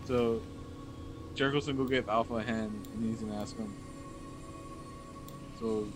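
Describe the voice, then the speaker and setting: A man's voice: fairly low pitch, steady tone, moderate pace. A man speaking hesitantly as a player in a tabletop game. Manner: hesitant, filler-heavy. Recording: background music.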